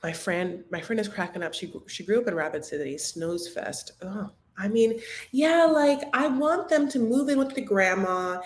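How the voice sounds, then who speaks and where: Woman recap host, casual chat, gossipy, rambling, filler-heavy, medium pitch. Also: animated, normal speed, reverberant. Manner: chatty, gossipy, lots of "like" fillers.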